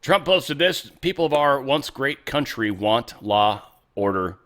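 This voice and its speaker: A man hosting a show, talking casually and bluntly over clips, rambling and swearing, his voice swinging between loud and quiet. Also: medium pitch, expressive, a little slow. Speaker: show host.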